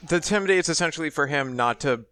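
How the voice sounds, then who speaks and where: A man playing a tabletop game, talking in a flat, deadpan way. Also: on the high side, very fast, clear, resonant tone, dry recording. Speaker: player. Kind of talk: casual tabletop play.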